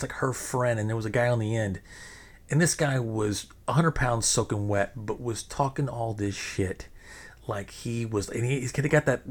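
A man hosting a podcast, telling a long story in a rambling way, full of fillers and restarts. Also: lowish voice. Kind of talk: casual storytelling.

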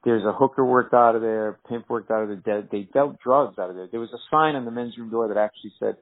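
A male comedian telling lively anecdotes in a podcast interview, acting out the people in his stories. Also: quick pace. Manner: animated, acts out quoted characters in higher voices. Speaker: comedian guest. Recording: tinny phone-like audio.

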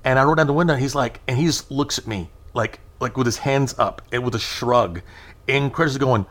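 A man's voice: mid-range voice, brisk. A man in his thirties telling a long, rambling story in casual conversation, acting out the voices of the people in it. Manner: animated, rambling anecdote with acted-out quotes.

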